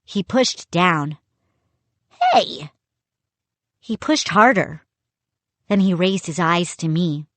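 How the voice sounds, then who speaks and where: A woman reading a children's chapter book aloud, in a slow, measured way. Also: on the low side, a bit bright, no room sound. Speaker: reader. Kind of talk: audiobook narration.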